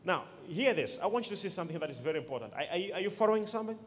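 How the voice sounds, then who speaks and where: Emphatic high-voiced male preacher. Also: lively intonation, racing, a little hiss or hum. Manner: emphatic call-and-response preaching. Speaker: pastor. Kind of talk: sermon. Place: church. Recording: long hall reverb.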